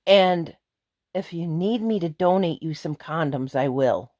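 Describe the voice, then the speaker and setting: Middle-aged woman ranting, low voice, dry close sound, blunt and heated. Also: expressive, a little slow, a little mellow, no room sound. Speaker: vlogger. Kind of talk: angry ranting vlog.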